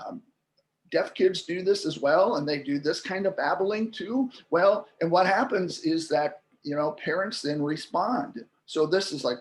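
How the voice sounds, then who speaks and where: Man, 60s, slightly high voice; animated interview guest who restarts often and acts out voices. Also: measured pace. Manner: animated, acts out babies and parents in playful voices; frequent restarts and repeated words. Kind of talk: explanatory interview talk.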